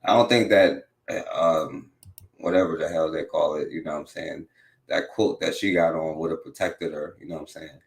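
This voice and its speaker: A man's voice: a bass voice, fairly even intonation, a little fast, creaky, echoey room. A man hosting a talk radio show, commenting on a played clip in a rambling, mocking way with lots of filler phrases. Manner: mocking and profane.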